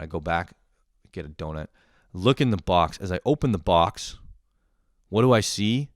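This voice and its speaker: A man's voice: sits low, expressive, moderate pace, pauses often, no room sound, studio quality. A young man hosting a podcast, telling a profane comedic story and acting out family members in shifting voices. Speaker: podcast host.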